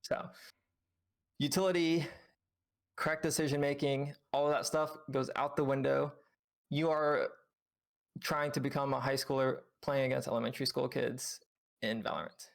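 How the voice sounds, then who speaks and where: Gravelly male game coach explaining. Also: mid-range voice, steady tone, moderate pace, long pauses. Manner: patient, explanatory, many fillers. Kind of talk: reviewing gameplay with a student on stream.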